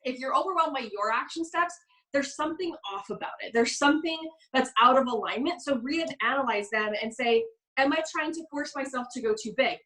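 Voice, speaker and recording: Fast, bright-voiced woman coach. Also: high-pitched, rough recording. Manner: fast, bubbly, animated storytelling with quoted voices. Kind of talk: live business coaching session.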